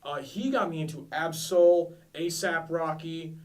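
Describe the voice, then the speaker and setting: A young man co-hosting a casual podcast, his voice sitting somewhat high for a man. He rambles and corrects himself often and jokes at his own expense. The mic is some distance away, which makes him sound slightly far off. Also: a little slow. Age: 20s. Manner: rambling, self-deprecating, lots of restarts. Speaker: podcast co-host. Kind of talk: casual chat.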